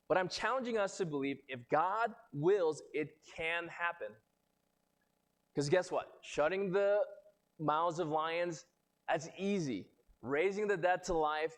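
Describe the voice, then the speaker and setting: A young adult man, a pastor, reading scripture and preaching a sermon in a conversational way, lifting his voice when he quotes people. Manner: conversational preaching, rising pitch on quoted lines.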